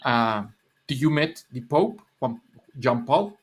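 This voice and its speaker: A man's voice: mid-range voice, lively intonation, takes it slowly, breathy edge. Laughing older Mexican man with a Spanish accent. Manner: rambling, laughing, repeating words. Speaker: livestream guest. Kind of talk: casual chat.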